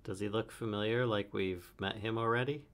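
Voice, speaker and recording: A man playing a tabletop role-playing game, declaring his character's actions in a halting way with many uhs. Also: on the low side, fairly even intonation, fairly bright tone. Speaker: player. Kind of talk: casual tabletop game play.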